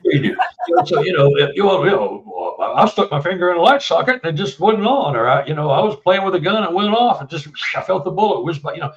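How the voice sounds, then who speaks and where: With a voice on the high side, big pitch swings, and a fast, nearly pause-free delivery, a Texan man in his seventies tells a long story as an interview guest author. He rambles and restarts often, and the recording is distant, muffled and roomy.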